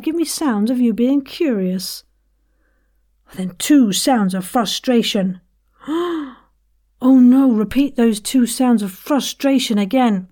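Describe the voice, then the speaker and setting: A woman hosting a podcast episode, playfully leading listeners through vocal warm-ups and demonstrating the sounds herself, often giggling and slipping into whispers. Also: a little high, animated, very slow, pauses often. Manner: demonstrates vocal exercises out loud. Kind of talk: playful instructional warm-up coaching.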